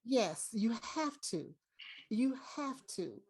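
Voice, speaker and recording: A woman guest on a video call interview, speaking in an earnest, encouraging way and slowing down to stress her points. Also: fairly high pitch, sing-song, darkish tone, slightly rough. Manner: encouraging, earnest, slows down for emphasis. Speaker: guest content creator.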